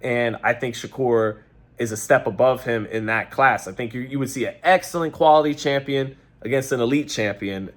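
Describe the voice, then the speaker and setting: Rambling New boxing commentator. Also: male voice, medium pitch, moderate pace. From New York. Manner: rambling, self-correcting. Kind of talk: casual fight-reaction commentary.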